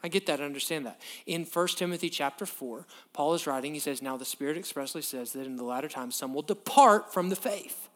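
A man preaching a sermon, emphatic, swinging from quiet to loud and checking in with "okay?". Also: a little high, brisk, hardly any pauses. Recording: long reverb of a large hall.

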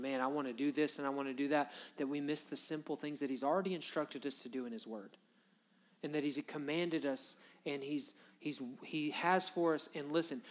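A middle-aged man preaching a sermon as pastor, building to loud, fervent peaks on his key points. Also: a little high. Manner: impassioned preaching, swells louder on key points.

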